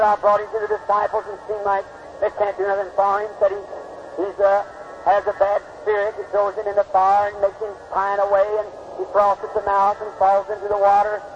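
A man with a very high voice delivers a fervent sermon, acting out the voices of its story before moving into prayer. The recording is an old, dull tape with a faint hiss underneath. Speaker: preacher.

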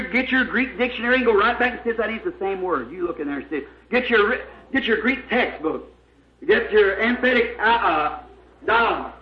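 Man, high voice, fervent emphatic preacher, dull lo-fi old recording. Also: echoey room, a little hiss or hum. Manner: emphatic, fervent, spells out words letter by letter. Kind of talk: sermon. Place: church.

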